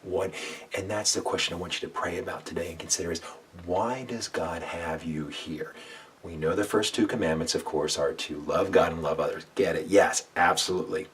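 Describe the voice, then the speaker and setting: Deep-voiced man giving a devotional sermon. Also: a little fast, fairly bright tone. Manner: earnest, asks listeners to repeat lines aloud, drops to a whisper for God's voice. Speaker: pastor. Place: home room with a window. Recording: slightly distant mic, faint background noise.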